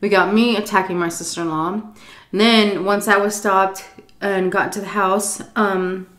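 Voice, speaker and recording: A woman telling a story while eating, animated and profane, jumping into a high voice when she acts out quotes. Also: moderate pace, roomy sound. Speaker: YouTube storyteller. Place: home, indoors.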